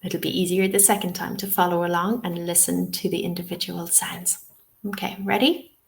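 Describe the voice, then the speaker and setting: A woman's voice: on the low side, level tone, normal speed, gravelly. An Irish woman leading a webinar lesson on pronunciation, modelling sounds one by one and checking in with "okay?" as she goes. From Ireland. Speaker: TEFL trainer.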